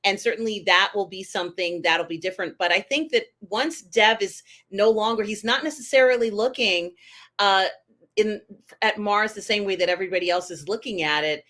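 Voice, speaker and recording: A woman's voice: mid-range voice, moderate pace, a bit bright. A woman co-hosting a casual TV review chat, enthusiastic and chatty with lots of fillers. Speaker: podcast co-host.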